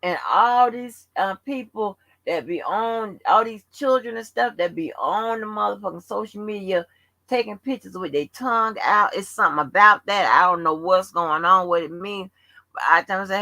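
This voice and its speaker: A woman's voice: mid-range voice, moderate pace, bright, forceful tone, dry recording. A woman hosting a livestream open forum, telling stories in a blunt, profane, casual rant. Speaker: livestream host.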